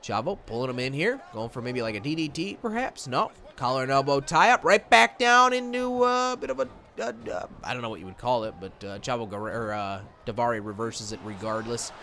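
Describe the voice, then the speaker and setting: A man's voice: medium pitch, lively intonation, brisk, hardly any pauses, pushed and bright, slight background noise. Rambling young man commentating a wrestling game. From Michigan, USA. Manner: rambling, self-interrupting, slips into goofy voices. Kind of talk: casual gameplay commentary.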